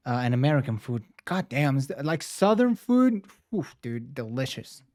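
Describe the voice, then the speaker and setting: A man's voice: medium pitch, big pitch swings, normal speed, a little mellow. A man from Mexico, talking English in a loose, rambling way full of filler words and slang as he hosts a reaction video. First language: Spanish. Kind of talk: casual reaction commentary.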